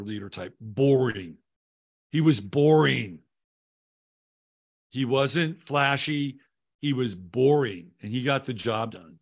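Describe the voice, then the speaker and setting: A man's voice: medium pitch, dry recording, clean studio sound. A man hosting a casual livestream, chatting loosely and reading viewer comments, rambling with many fillers and restarts and casual swearing. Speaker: livestream host. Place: home, living in Texas.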